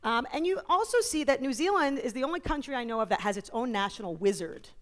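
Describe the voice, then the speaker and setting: A woman from New York, USA, with a fairly high pitch tells stories animatedly, adding quick asides and jokes. She's an author and psychologist guest giving a conference interview talk on a conference stage.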